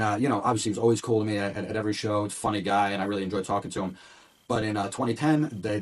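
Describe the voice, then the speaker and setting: A man who works as a wrestling ring announcer, a guest on an interview podcast, telling stories in a casual, animated way, acting out quotes and restarting often. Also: on the low side, distant mic. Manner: animated storytelling with quick restarts and acted-out quotes.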